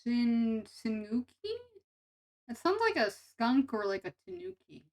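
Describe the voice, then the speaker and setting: Bubbly young woman streamer, slightly high. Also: very animated, unhurried, poor audio. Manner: playful, self-mocking, stumbles and restarts over words. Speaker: VTuber streamer. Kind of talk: casual live-stream chat with viewers.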